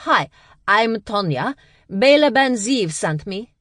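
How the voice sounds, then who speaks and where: A woman voicing a polite, cheerful young female assistant who speaks brightly in an audiobook. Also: mid-range voice, animated, slow, no room sound, clean studio sound, pitched above the performer's own voice. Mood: chirpy. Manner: bright, businesslike, calling out.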